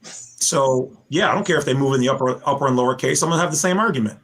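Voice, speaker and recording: A man on a casual podcast, explaining at length in an animated, lecturing way that rambles with restarts. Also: medium pitch, fast talker. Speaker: podcast guest explaining legal theories.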